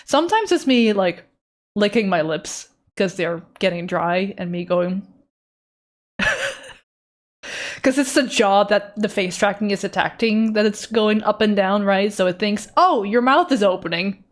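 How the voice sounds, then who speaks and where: Drawing live for her stream, a young woman chatters on in a giggly, rambling, self-mocking way. She has a mid-range, animated voice and speaks a little slowly.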